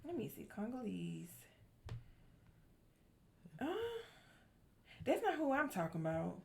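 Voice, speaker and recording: A woman chatting on a podcast, animated, with loud outbursts and quiet asides. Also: mid-range voice, slow, vocal fry. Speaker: podcast co-host. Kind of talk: casual chat.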